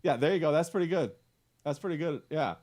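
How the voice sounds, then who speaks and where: A male podcast host in casual banter, talking loosely and crudely and calling everyone "bro". His voice sits a little higher than most men's. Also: expressive, fast, a crowd in the background. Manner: loose, slangy and crude, lots of "bro" and laughs.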